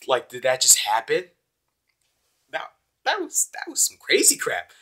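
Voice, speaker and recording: A young man giving a casual, rambling, excitable spoken review of an anime episode. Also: mid-range voice, moderate pace. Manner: excitable, rambling, with many fillers.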